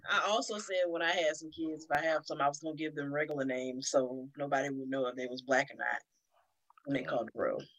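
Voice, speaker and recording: A woman's voice: sits low, fairly even intonation, fast talker, fairly bright tone. A woman, co-hosting a casual podcast chat, who laughs often and acts out people in her stories. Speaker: podcast co-host.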